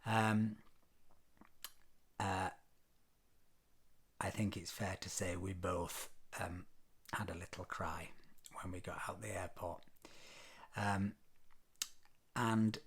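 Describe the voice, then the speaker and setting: A man's voice: low voice, steady tone, slow pace, long pauses, husky. A British man vlogging, telling a travel story casually with frequent ums and wry self-deprecating asides. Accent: British English. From Britain.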